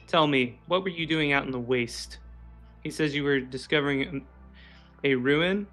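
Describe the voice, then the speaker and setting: A man voicing a weary, gruff male half-orc commander in a tabletop game, stern and questioning. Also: a little high, normal speed, fairly bright tone, soft background music.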